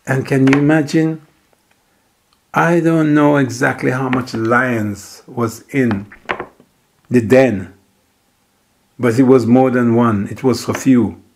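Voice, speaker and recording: Slow, gravelly-voiced preacher man. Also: medium pitch, a little mellow, a little hiss or hum. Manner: slow, repeats phrases for emphasis; acts out the king's and Daniel's words. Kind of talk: sermon retelling a scripture story.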